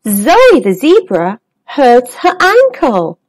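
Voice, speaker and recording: A woman host reading a children's picture book aloud in a gentle, expressive way. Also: high voice, slow pace, poor audio. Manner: gentle, expressive, sing-song. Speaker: storyteller.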